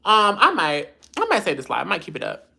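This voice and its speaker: A woman's voice: mid-range voice, huge pitch swings, fairly quick, vocal fry, pushed and bright, slightly rough. A woman hosting a casual livestream, blunt, sassy and profane, reading viewer comments aloud and answering them. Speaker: livestream host.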